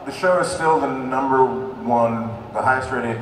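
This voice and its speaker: A male actor on a convention panel, answering a fan's question in a matter-of-fact, halting way. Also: medium pitch. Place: large convention hall. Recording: roomy hall, from far off, noisy crowd.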